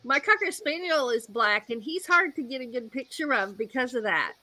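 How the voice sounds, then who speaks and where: A woman chatting as a guest on a live stream, making quick, joking remarks. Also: high voice, lively intonation, sharp tone. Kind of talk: casual chat.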